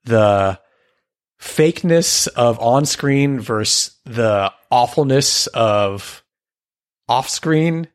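A man's voice: mid-range voice, extremely slow, smooth. A man co-hosting a podcast, chatting enthusiastically about a cartoon and laughing often. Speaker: podcast co-host. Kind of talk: casual chat about a cartoon.

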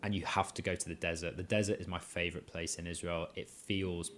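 A man's voice: low voice, level tone, fairly quick, fairly bright tone, slight background noise. A young man from Leeds, a podcast guest, talking eagerly and upbeat in a conversational interview. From Leeds, England. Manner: enthusiastic, upbeat travel tips. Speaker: podcast guest, head of content.

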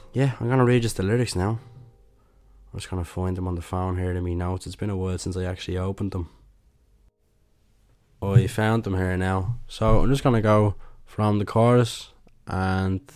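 A man's voice: deep voice, fairly even intonation, normal speed, a little mellow, dry recording. A young man with a Dublin Irish accent, hosting a casual solo podcast, rambling with lots of fillers and restarts. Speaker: podcast host and musician.

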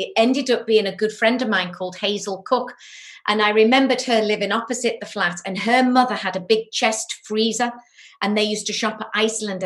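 A woman guest from England speaks in a casual chat. She talks reflectively, with small restarts as she remembers. Her voice sits in the middle range. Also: mid-range voice.

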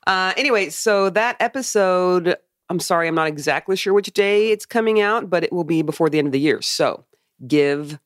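A woman's voice: fairly low pitch, normal speed, dry recording. A woman co-hosting a podcast in casual banter, making dry sarcastic jokes. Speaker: podcast co-host.

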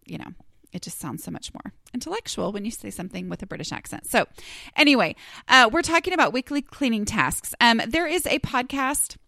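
A woman's voice: fairly high pitch, expressive, brisk, creaky, bright, forceful tone, no room sound. Chatty woman podcasting, dry close sound. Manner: chatty, rambling, self-deprecating with many fillers. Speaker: podcast host. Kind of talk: casual solo podcast talk.

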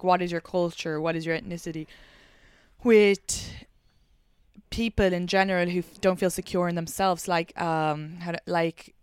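Irish woman comic, podcast host, casual and talkative, smooth tone. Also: fairly low pitch, dry recording, studio quality. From Ireland. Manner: chatty, rambling, swears casually. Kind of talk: casual chat.

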